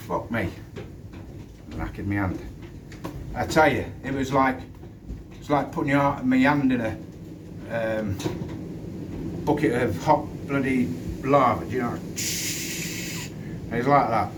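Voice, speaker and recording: A middle-aged Englishman who used to work as a doorman tells a fight story to camera in a casual, blunt way, swearing freely and speaking in stops and starts. His voice is medium-pitched. He's outdoors, well back from a distant mic, with wind rushing across it.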